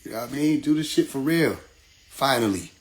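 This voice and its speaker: A man's voice: mid-range voice, a little fast. A middle-aged man talking casually on a livestream, telling stories with playful voices and laughter. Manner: animated storytelling with playful mimicry and laughter. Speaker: livestream host.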